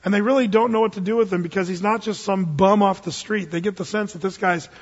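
A pastor delivers an expository sermon in a folksy, casual style, alternating plain talk with dramatic scripture readings. His husky voice is high for a man and quick in pace, and the dull, lo-fi recording carries a long hall reverb.

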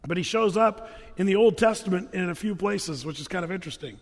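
A man's voice: high voice, fairly quick, long reverb tail. A man pastor preaching a sermon, telling Bible stories in a casual, humorous way. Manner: conversational, humorous storytelling preacher.

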